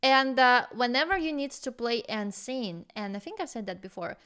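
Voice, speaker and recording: A young adult woman, a vocal coach, reacting with excitement and explaining singing technique. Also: a little high, normal speed, clear, resonant tone. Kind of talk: reaction commentary. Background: faint rock music.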